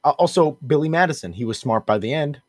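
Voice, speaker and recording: A man's voice: a little high, expressive, fast talker, no room sound. Rambling laid-back man, dry sound. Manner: rambling, self-deprecating, playful. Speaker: podcast co-host. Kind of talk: casual group chat.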